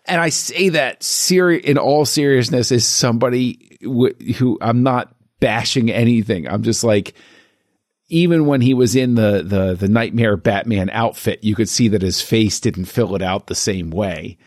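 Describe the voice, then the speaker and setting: A man co-hosting a podcast in casual chat, animated and given to mock-outraged asides. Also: mid-range voice, measured pace, no room sound, clean studio sound. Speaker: podcast co-host.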